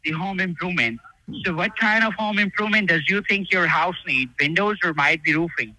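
A man's voice: sits high, a little fast, sharp tone, dry recording. A man acting as a telemarketing supervisor on a phone call, polite and scripted.

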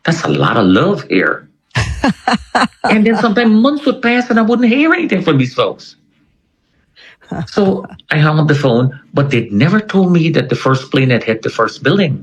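A man's voice: fairly high pitch, wildly swooping pitch, moderate pace, dull audio. A man, an interview guest, retelling a personal story in a conversational way and acting out the voices of people he quotes.

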